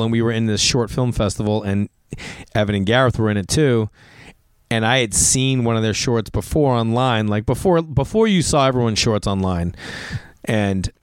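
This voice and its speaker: Rambling, animated podcast host, a man. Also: fairly low pitch, clear, resonant tone, no room sound, clean studio sound. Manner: rambling, animated, restarts and asides. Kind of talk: casual podcast monologue.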